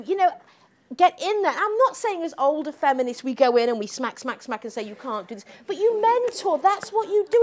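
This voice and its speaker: A middle-aged woman giving a public lecture, emphatic and combative, tagging her points with questions to the audience. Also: high voice. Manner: emphatic, combative, frequent "okay?" tags.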